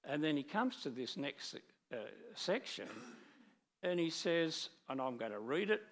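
A middle-aged man delivers a sermon from slides. His voice sits a bit high for a man, and he talks in a lively, halting way, full of restarts. He keeps breaking into animated quoted speech. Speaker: preacher.

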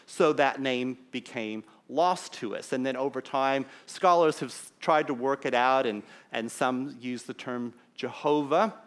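A man preaching a sermon as pastor, explaining scripture in an emphatic teaching manner with deliberate pauses. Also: medium pitch.

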